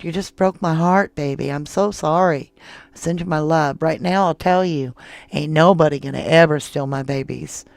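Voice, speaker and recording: Woman, low gravelly voice, dry close sound, animated casual livestream chat. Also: no echo. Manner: chatty and animated, jumping up high when excited. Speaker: true crime livestream host. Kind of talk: casual live chat reading viewer comments.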